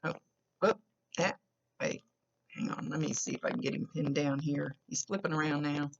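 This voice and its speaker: A woman psychic medium talks her way through a reading in a loose, rambling style, and often stops and restarts her sentences. Her voice is gravelly with vocal fry, and she has a smoker's cough. The recording sounds dull and lo-fi. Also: deep voice, fairly even intonation, normal speed. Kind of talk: casual spoken reading to a client.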